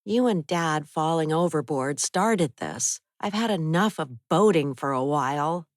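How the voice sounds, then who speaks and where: A woman's voice: low-pitched, lively intonation, unhurried, no room sound, studio quality. A woman reading the part of a worried, practical young adult daughter in an audiobook, with tired replies. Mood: weary. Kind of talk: audiobook character voice.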